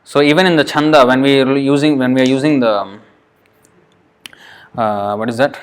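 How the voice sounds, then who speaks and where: A man's voice: mid-range voice, fairly even intonation, clear, resonant tone. Patient man teaching verse pronunciation. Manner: patient, repeats words slowly to demonstrate pronunciation; halting, with fillers and self-corrections. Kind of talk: classroom lesson.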